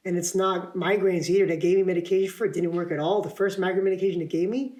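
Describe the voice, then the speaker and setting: Fast-talking and high-pitched with a darkish tone and fairly even intonation, a young man chats as a guest on a podcast. The actor rambles, pokes fun at himself, laughs a lot, and keeps restarting his sentences in a roomy, echoing space.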